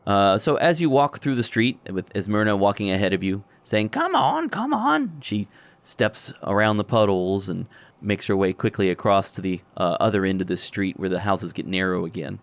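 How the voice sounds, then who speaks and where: A man running a tabletop game as game master, describing scenes in a relaxed way. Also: sits low, normal speed, clean tone.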